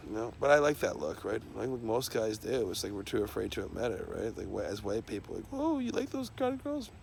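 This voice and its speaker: A man's voice: lowish voice, normal speed, vocal fry, slight background noise. A man talking in a loose, rambling monologue, swearing constantly and trailing off into fillers and restarts.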